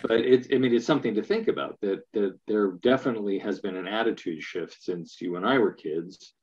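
A man's voice: on the low side, brisk, a little mellow. A man in casual conversation, thoughtful and explanatory, often repeating words as he works through an idea. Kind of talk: casual chat. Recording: dull lo-fi sound.

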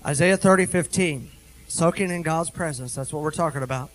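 A middle-aged man preaching a sermon as a minister, animated, darting through quick asides and slowing down to read scripture with heavy emphasis. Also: fairly high pitch, low-quality recording.

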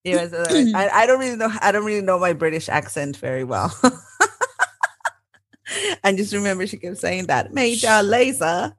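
A woman's voice: fairly low pitch, animated, normal speed, pauses often. A woman in her thirties co-hosting a podcast in casual chat, laughing often and mixing in Spanish phrases. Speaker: podcast co-host.

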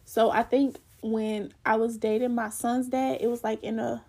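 A woman's voice: on the high side, flat delivery, normal speed, darkish tone. A young woman telling a personal story in a candid, rambling way, full of fillers.

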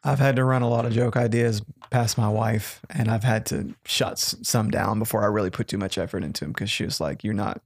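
Gravelly-voiced podcast host. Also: male voice, fairly low pitch, fairly quick, few pauses. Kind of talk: casual podcast chat.

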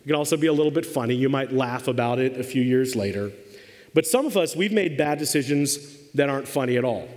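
A man's voice: mid-range voice, animated, quick pace, a little mellow, long reverb tail. A man in his forties preaching a sermon in a church, joking and asking the congregation questions in a conversational way. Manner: humorous, conversational, asks the audience questions. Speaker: pastor.

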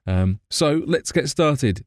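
A man's voice: a little high, expressive, slow pace, dry recording, clean studio sound. A man hosting a podcast in casual chat, joking and playing with words. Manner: jokey, playful wordplay. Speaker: podcast host.

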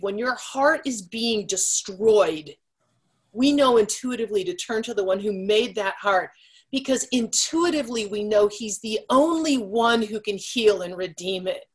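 A woman sharing her personal faith testimony as a guest, telling her story earnestly and speeding up at the tense moments. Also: a little high.

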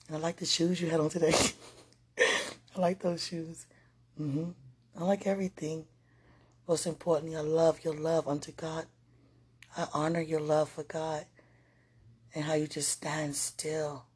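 A woman's voice: low voice, slightly rough. A woman talking casually and emotionally to a viewer, rambling and affectionate, often speaking of God and dropping to near-whispers. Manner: rambling and affectionate, with frequent religious talk; soft-spoken, drifting into near-whispers.

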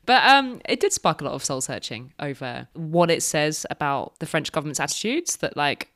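A woman's voice: deep voice, sing-song, brisk, few pauses, fairly bright tone, dry recording, studio quality. A woman co-hosting a podcast, chatting casually in a bubbly way, often laughing and saying "like". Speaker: podcast co-host. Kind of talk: casual chat.

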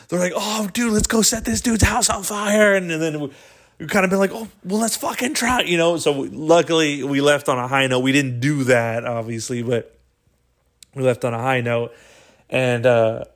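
A young man hosts a podcast and tells a story in a loose, excitable way. He swears freely and often laughs while he talks. His voice sits at a middle pitch. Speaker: podcast host. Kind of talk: casual storytelling.

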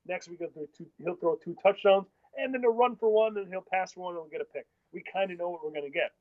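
A man co-hosting a casual sports podcast, arguing football picks bluntly and in rapid bursts. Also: sits high, no room sound. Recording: dull lo-fi sound.

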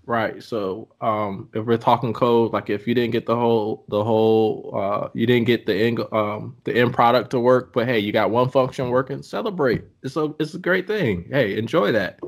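Halting, reflective male podcast host. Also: medium pitch. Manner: reflective, halting with many ums. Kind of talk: casual podcast chat.

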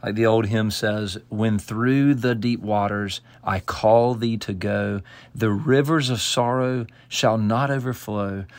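A man's voice: on the low side, no echo. A man giving devotional Bible teaching, earnest and emphatic, quoting scripture and often restarting phrases. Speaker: pastor.

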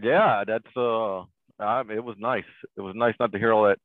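A man's voice: fairly low pitch, steady tone, moderate pace, no room sound. A laid-back man chatting casually about movies, drawling and swearing now and then. His voice comes through a thin, phone-like line with no room sound at all. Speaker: podcast co-host. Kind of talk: casual movie review chat. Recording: tinny, dry phone-like line.

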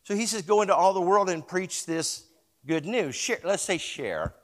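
In a large hall, a male pastor preaches a sermon and tells a story, shifting from hushed retelling to loud, emphatic exhortation and having the congregation repeat words after him. His voice is high and expressive, at a normal speed.

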